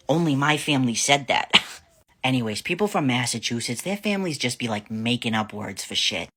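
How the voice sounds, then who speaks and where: A man's voice: medium pitch, expressive, fairly quick, a bit bright. A man from New Hampshire with a New England accent, telling casual storytime tales in a blunt, profane, joking way. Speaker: vlogger.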